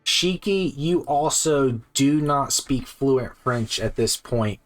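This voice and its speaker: A man narrating as game master for a streamed tabletop game, taking his time over each description with unhurried, deliberate pacing. His pitch sits in an ordinary middle range, and faint music plays underneath. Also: expressive. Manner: slow, descriptive narration with pauses. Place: home streaming setup.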